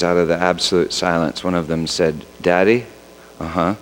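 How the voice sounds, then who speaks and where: A middle-aged father telling a funny family story in an animated way, now and then putting on the voices of children. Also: on the low side, slight background noise. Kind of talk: storytelling talk. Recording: reverberant hall.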